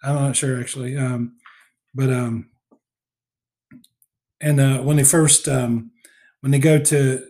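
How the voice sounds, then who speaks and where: In a relaxed, conversational way, like a podcast co-host chatting with a friend, a man rambles through a movie recap full of fillers and restarts. His pitch is mid-range for a man, and he speaks slowly with frequent pauses.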